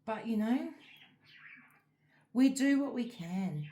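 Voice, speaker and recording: A woman's voice: on the high side, lively intonation, slow, mellow. A middle-aged Australian woman chatting casually as a crafting vlogger, rambling through a personal story with many fillers. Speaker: diamond art vlogger. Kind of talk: casual chat while crafting.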